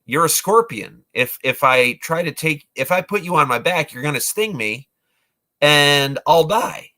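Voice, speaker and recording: A man's voice: on the high side, animated, unhurried, pushed and bright. A man voicing a skeptical male frog from a fable, blunt and exasperated as he retells the story. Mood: incredulous.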